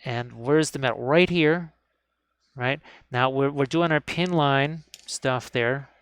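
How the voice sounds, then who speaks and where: A man's voice: medium pitch, takes it slowly, a bit bright, clear, resonant tone, no room sound. A man teaching miniature painting on a live stream, talking casually and cheerfully while he works and often urging viewers to look closely. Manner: chatty and upbeat, often repeating "look at this". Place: indoor hobby desk.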